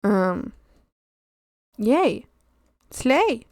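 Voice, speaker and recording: A woman's voice: a little high, very slow. A woman chatting casually with her viewers during an art stream, her voice sitting well above the usual range. She swoops up and down all the time, giggling and squealing. She greets people by name and begs her chat to behave. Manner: excitable and giggly, often squealing and pleading with chat.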